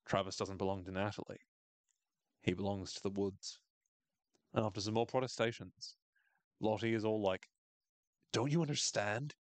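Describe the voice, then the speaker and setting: A man's voice: lowish voice, flat delivery, dry recording. A man hosting a podcast, casually recapping a TV episode in a chatty, wry way. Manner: chatty, wry, acts out characters' lines in quick voices. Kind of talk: casual chat.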